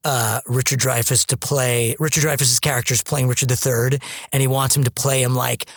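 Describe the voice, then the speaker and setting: A man's voice: medium pitch, fairly quick, gravelly, no echo, studio quality. A man co-hosting a podcast, telling a long story in casual chat and acting out the people in it. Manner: animated storyteller, acts out voices. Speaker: podcast co-host.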